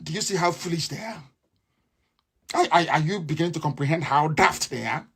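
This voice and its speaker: Fiery, high-voiced man. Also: brisk, gravelly, slightly rough. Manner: fiery, scornful, repetitive. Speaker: radio broadcaster. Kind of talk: live radio broadcast monologue.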